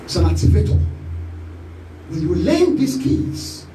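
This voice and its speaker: A man with a Nigerian accent preaching a sermon as pastor, rising to shouted calls to the congregation. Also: sits high, big pitch swings, unhurried, distant mic, a little hiss or hum. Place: church hall. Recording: echoey church hall, voice from off-mic.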